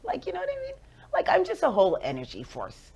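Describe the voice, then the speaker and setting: A woman in her forties with a Jamaican accent, hosting a radio show with playful, animated motivational talk. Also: high voice, fast, gravelly, husky, dull audio. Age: 40s.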